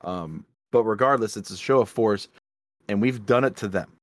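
Earnest low man, dry close sound. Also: moderate pace, no room sound. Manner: hesitant, many ums and restarts, earnest. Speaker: podcast co-host. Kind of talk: casual drinking chat. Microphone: podcast mic.

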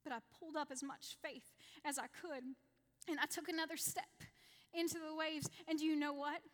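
High-voiced woman preaching in a reverberant hall. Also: fairly even intonation, normal speed, a bit bright. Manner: earnest, repetitive, acts out her own prayers. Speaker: women's ministry leader and speaker. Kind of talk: personal testimony sermon. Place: church hall, women's evening.

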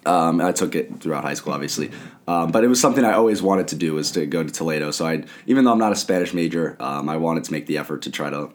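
A man's voice: rumbling low, quick pace. A young man, a student guest in a casual chat, talking with frequent ums and restarts. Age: young adult. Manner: hesitant, many ums.

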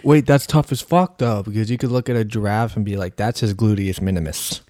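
A man's voice: lowish voice, fairly even intonation, fairly quick, a little mellow, no echo. Young man, podcast host, wisecracking, dry close mic sound. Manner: wisecracking, steering the talk. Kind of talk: casual podcast chat.

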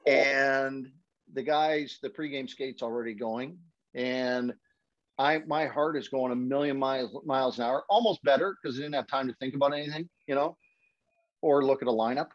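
A hockey broadcaster guest in casual podcast chat, telling a story animatedly and jumping high in pitch to act out quotes. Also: male voice, normal speed, no echo. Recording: dull, dry podcast audio.

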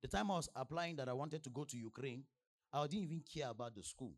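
Lively Nigerian pastor with a gravelly voice. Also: male voice, medium pitch, fast talker. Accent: Nigerian English. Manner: animated preaching with call-and-response questions to the congregation; swings between soft asides and loud emphatic exclamations. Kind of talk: sermon.

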